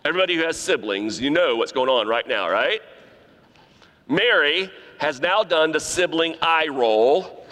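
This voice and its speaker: A pastor delivering an animated sermon in a church, acting out the voices he quotes. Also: fairly high pitch, a little slow. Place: church sanctuary. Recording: long reverb of a large hall.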